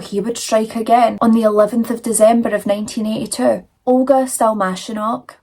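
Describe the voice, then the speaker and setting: A woman's voice: mid-range voice, a little mellow. A woman telling true crime stories in a chatty, dramatic way with frequent fillers, talking casually while she does her makeup and feels cold.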